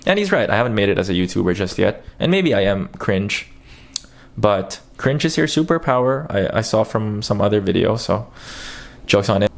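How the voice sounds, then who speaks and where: A man's voice: lowish voice, big pitch swings, moderate pace, creaky. A man from the Philippines with an American accent, telling stories in a casual vlog and acting out the quotes. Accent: American English. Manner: chatty storytelling, acts out quotes. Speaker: YouTuber.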